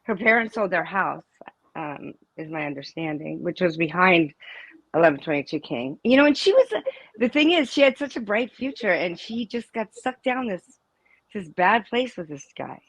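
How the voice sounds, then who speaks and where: Middle-aged woman, guest telling a story; lowish voice, emphatic, dry close recording. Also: big pitch swings, normal speed, husky, no room sound, poor audio. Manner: emphatic, storytelling, with many restarts. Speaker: interview guest, mother of a student. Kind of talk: casual interview conversation.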